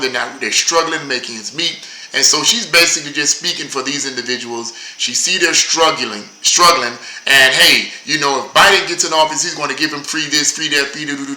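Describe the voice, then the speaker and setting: Man, political commentary host, rambling, repetitive, higher voice, echoey room. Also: sharp tone. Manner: rambling, repeats words, quick asides.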